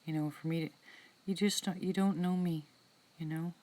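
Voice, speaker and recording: A woman with a low voice hosts a casual live-stream at night in the woods, talking to her viewers through a phone. She speaks softly and warmly, dropping into hushed whispers, chatty and open-hearted. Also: fairly even intonation, moderate pace. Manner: soft-spoken, drops into whispers, chatty and heartfelt.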